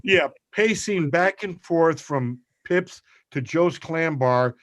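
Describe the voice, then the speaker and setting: New comedian telling a story. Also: male voice, a little high, takes it slowly, no room sound. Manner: animated storyteller, acts out voices, swears freely. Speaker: comedian guest. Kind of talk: casual storytelling.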